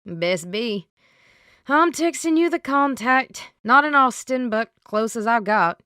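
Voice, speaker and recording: A woman voicing a grumpy older male psychic with a Southern accent and a gruff manner. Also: on the high side, animated, slow pace, no echo, studio quality, pitched above the performer's own voice, heavily acted. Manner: gruff, then softening.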